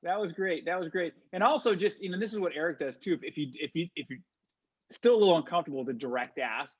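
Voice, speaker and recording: A man with a fast, husky voice runs a networking group session and coaches members on practice calls. His delivery is upbeat and full of praise, and it sits a little high. The sound is dry and slightly dull, like a video call. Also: no echo. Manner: upbeat, praising, rapid-fire.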